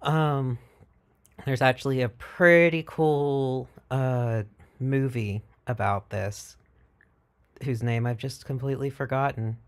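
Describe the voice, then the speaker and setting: Gravelly irreverent man vlogging. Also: mid-range voice, slow. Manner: irreverent, profane, retelling stories with mock voices. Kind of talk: casual chat.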